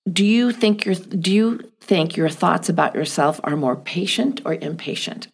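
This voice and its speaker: A middle-aged woman with a low voice, gravelly and a little husky. She talks in a gentle, thoughtful way and keeps asking the listener reflective questions. The setting is a calm podcast conversation. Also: moderate pace. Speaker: guest.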